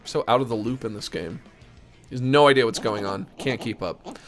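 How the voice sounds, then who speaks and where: A man's voice: medium pitch, brisk, faint music behind. A man hosting a let's play, making joking, chatty asides about the game. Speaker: host.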